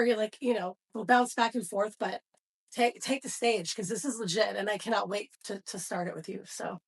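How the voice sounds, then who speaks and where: A woman co-hosting a gym podcast, telling stories in a bubbly, animated way and cheering listeners on. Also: medium pitch, fairly quick, husky. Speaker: gym coach and podcast co-host. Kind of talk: casual podcast chat.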